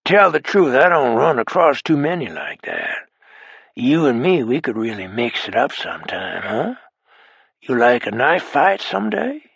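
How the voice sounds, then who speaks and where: Here is a menacing cowboy killer, put on by a male narrator. He speaks low in a long, slow drawl, with a gravelly, husky grain. The sound is close and dry. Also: sing-song, a bit bright, no echo, heavily acted. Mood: taunting.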